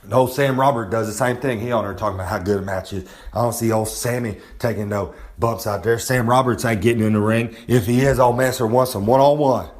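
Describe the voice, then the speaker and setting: A brash man cuts a wrestling-style promo, bragging and rambling as he refers to himself in the third person. He gets heated easily and swears freely, with a middle-pitched voice, speaking outdoors. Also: steady tone, brisk, few pauses. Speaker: recurring segment presenter. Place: outdoors on a humid day.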